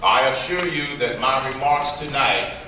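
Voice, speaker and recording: Slow, emphatic man giving a commencement address. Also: mid-range voice, noisy background. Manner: deliberate and emphatic, with dramatic pauses and playful phrases. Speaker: commencement speaker. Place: large ceremony hall. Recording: echoey hall from far off.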